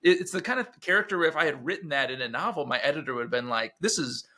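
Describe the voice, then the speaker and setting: A man speaking as an interview guest in casual chat, halting and restarting his phrases often. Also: fairly high pitch, bright, forceful tone. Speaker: guest, author.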